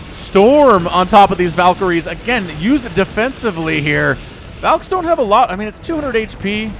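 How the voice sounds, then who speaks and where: Young man narrating a real-time strategy match with a fairly high voice and a lively, bouncing delivery. He talks fast and chatty, reacting excitedly to each fight, with faint background music under him. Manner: excitable, chatty, laughs while talking. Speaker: esports caster. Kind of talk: solo play-by-play game commentary.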